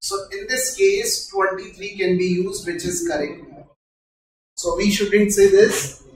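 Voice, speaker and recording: A man's voice: high-pitched, slight background noise. A man with an Indian English accent teaching a live grammar class, explaining patiently and often quizzing his students. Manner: explains patiently, keeps asking students questions. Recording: echoey room, from far off.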